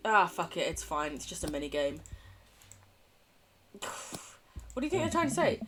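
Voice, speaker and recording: A woman's voice: on the low side, big pitch swings, moderate pace, pauses often, fairly bright tone, a little hiss or hum. A young woman streamer reading a dating game aloud and reacting with laughter and swearing. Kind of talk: casual game commentary and reading.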